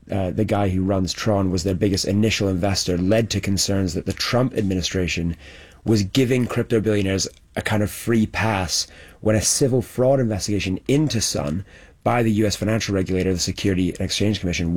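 A man with a lowish voice discusses his documentary reporting, explaining things in a measured way with occasional fillers, much like a journalist fielding questions on a panel.

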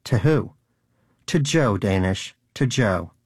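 A man's voice: on the low side, lively intonation, takes it slowly, darkish tone, husky, no room sound, studio quality, exaggerated voice. A man voicing a pious, bitter male pet rodent in a cage, talking in an earnest, preachy way. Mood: insistent.

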